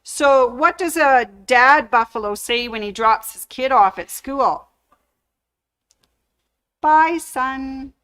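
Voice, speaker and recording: A woman's voice: fairly high pitch, unhurried, hardly any pauses, a bit bright, clean tone, rough recording. A woman hosting a casual fabric store livestream, chatty and full of corny jokes. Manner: chatty, cracks corny puns. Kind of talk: casual livestream product showcase.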